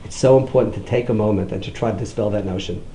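A middle-aged man, a rabbi, giving a storytelling sermon, jumping up high whenever he quotes someone. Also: quick pace, echoey room, a little hiss or hum, low-quality recording. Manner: animated, swings up high when quoting others. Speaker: rabbi giving a talk on outreach.

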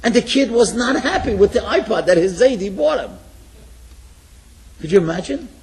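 A man giving a sermon, telling a story with lively acted-out dialogue and hushed, reverent asides. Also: sits high, moderate pace, low-quality recording. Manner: animated storyteller, acts out dialogue, drops to a hush.

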